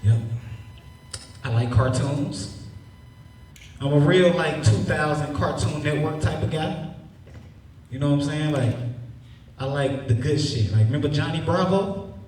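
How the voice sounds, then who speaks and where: A young male stand-up comedian with a slightly high voice, talking in a loose, profane, animated way. He sounds roomy and distant, as if caught from off mic in a big hall. A faint noise runs underneath. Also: measured pace, long pauses. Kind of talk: stand-up set then casual interview. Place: stage in a cinema.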